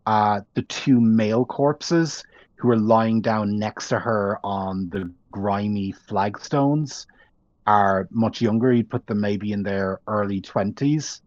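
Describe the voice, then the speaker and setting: A man narrating a tabletop game as game master, slow and halting as he searches for words, over an online call. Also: on the low side, darkish tone, no echo, lo-fi sound.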